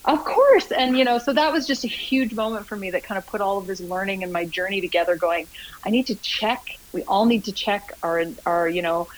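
A woman speaks as a guest in a casual interview, telling stories earnestly and with real animation. She often restarts her sentences and fills gaps with little words. Her voice sits in a middle pitch and sounds like a radio broadcast. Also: fairly quick, low-quality recording. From Canada. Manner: earnest, animated storytelling with many fillers. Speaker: guest, agency founder.

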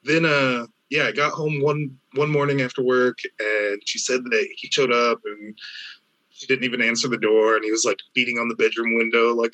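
Bright-voiced man telling a story. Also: mid-range voice, moderate pace, low-quality recording. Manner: relaxed storytelling with many fillers and restarts. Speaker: storyteller in a conversation. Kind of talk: casual chat.

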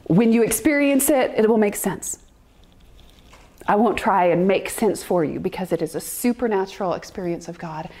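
Slow, husky woman giving testimony. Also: mid-range voice, darkish tone. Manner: blunt and frank, mixes laughter with earnest faith talk. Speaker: speaker sharing a personal testimony in a class. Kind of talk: candid personal testimony.

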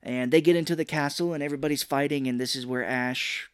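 A man co-hosting a podcast, casually recapping a film with animated retellings, quick voiced impressions of characters and frequent laughs. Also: a little high, clear, resonant tone, no echo, clean studio sound. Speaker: podcast co-host. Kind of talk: casual movie recap chat.

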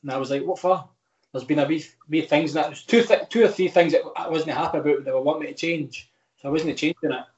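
This is a footballer guest on a laid-back podcast, a Scottish man in his thirties who speaks fast, rambling and frank and often starting over. His slightly high voice has a darkish tone, and the echoey recording loses its highs.

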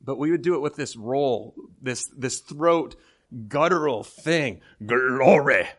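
A middle-aged man from Michigan with an American accent, preaching a sermon in an animated, jokey way that swings from soft asides to loud outbursts. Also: medium pitch, measured pace. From Michigan, United States. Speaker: guest preacher.

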